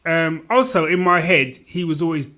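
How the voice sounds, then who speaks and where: A man in his forties chatting casually as a podcast co-host, slightly high-pitched, rambling and self-deprecating, with plenty of restarts and filler. He keeps it loose and conversational. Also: normal speed, pushed and bright. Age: 40s. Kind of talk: casual chat.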